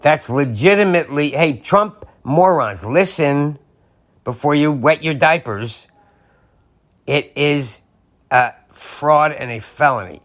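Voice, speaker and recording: A man's voice: on the high side, expressive, a little slow, fairly bright tone. A man hosting a podcast, delivering an angry, sarcastic political rant with some profanity. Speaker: podcast host.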